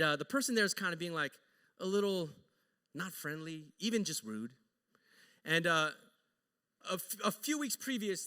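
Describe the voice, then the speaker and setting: Casting note: high, lively male pastor, casual joking sermon storyteller, echoey church hall. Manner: animated, joking, conversational. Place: church sanctuary.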